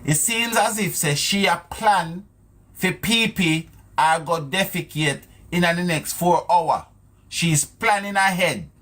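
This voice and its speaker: A man's voice: sits high, slow pace, fairly bright tone. Jamaican guy ranting about an interview clip, mocking, lots of rhetorical questions. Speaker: commentator reacting to an interview clip. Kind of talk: casual commentary.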